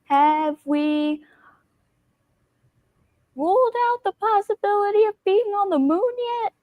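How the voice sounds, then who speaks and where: A woman's voice: extremely high pitch, slow pace, darkish tone, dry recording. A woman player in a tabletop game, wry and playful. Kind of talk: casual tabletop play.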